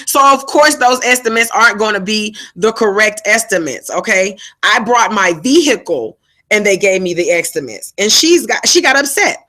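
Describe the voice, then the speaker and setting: A woman's voice: mid-range voice, animated, moderate pace, bright, forceful tone. A woman hosting her own live stream, telling a story in a chatty, slangy way and breaking off to answer her viewers. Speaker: livestream host. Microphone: phone and laptop setup.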